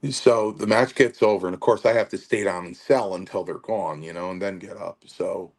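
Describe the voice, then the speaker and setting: A man's voice: low-pitched, normal speed. A man in his sixties, a retired pro wrestler and guest, telling stories casually and acting out the quotes with lots of fillers. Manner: animated, acts out quotes, many fillers. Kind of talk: casual storytelling.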